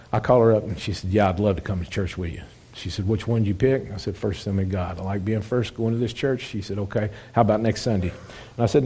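A man's voice: fairly low pitch, dark tone, slightly rough. A man, a former biker, telling his testimony in a folksy, plainspoken way and acting out the dialogue. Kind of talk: storytelling testimony.

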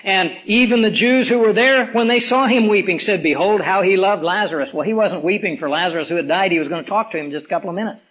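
Hoarse male preacher, lo-fi sound. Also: high voice. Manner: preaching with emphatic rises and slow dramatic drops. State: hoarse from swollen tonsils. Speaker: pastor. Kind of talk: sermon. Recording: dull lo-fi recording.

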